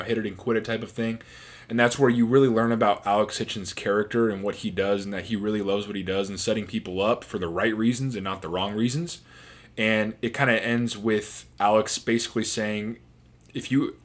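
A man in a casual commentary, talking about his favorite film scenes in a rambling, chatty way with restarts. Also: fairly low pitch. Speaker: movie reviewer.

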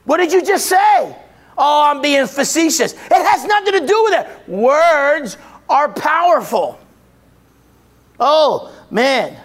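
Male preacher with a very high voice, emphatic, repetitive, call-and-answer delivery. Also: sing-song, takes it slowly. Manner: emphatic, rising to shouts, then dropping low; repeats phrases, asks and answers his own questions. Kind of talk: sermon.

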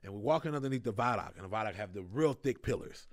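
Animated young man telling a story. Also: on the low side, fast, dry recording, studio quality. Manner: animated, laughing often, acts out voices in quotes. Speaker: comedian guest. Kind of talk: casual storytelling.

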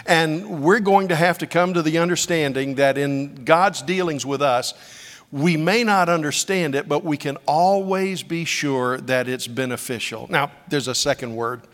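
Middle-aged man, preacher, sermon, storytelling, fairly high voice, hushed to loud swings, long hall echo. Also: measured pace.

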